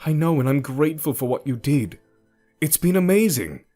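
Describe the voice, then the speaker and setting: A man's voice: a little high, expressive, moderate pace, faint music behind, voice pushed up. A man voicing a defensive young man arguing with his partner in an audio story. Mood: apologetic. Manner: defensive, sharp.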